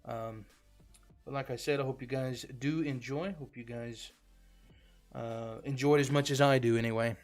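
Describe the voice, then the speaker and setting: A man's voice: medium pitch, steady tone, normal speed. A man streaming a game live, chatting casually to viewers in a rambling, filler-heavy way. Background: faint background music.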